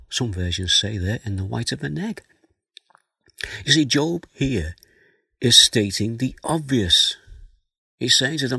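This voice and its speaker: A man giving a slow, earnest Bible teaching sermon, reading verses aloud and then explaining them. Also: mid-range voice, lively intonation, vocal fry, sharp tone, slightly rough, no room sound, clean studio sound. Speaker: preacher.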